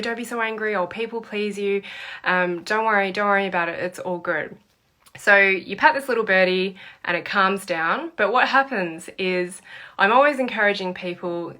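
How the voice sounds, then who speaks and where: Bright-voiced New woman explaining. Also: medium pitch. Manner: earnest storytelling, explaining with examples. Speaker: therapist and trainer. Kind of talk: explanatory talk to camera.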